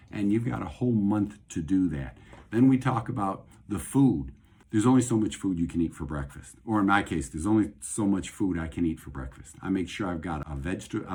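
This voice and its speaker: A man's voice: low-pitched, a little mellow, husky. A middle-aged man hosting a casual talk on faith and health, speaking in a rambling, conversational way and repeating phrases for emphasis. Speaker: host and doctor.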